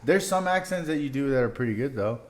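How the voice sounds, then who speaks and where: A man's voice: mid-range voice, expressive, fast, a little mellow. Laid-back young man saying "bro". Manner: laid-back, laughs easily, says "bro" often. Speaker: podcast co-host and fighter. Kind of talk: casual chat.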